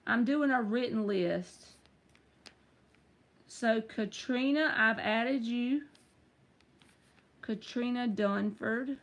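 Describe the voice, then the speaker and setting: A woman's voice: fairly high pitch, drawn-out words, long pauses, highs cut off. A woman running a casual live-stream tarot reading, chatty and teasing as she talks to viewers by name.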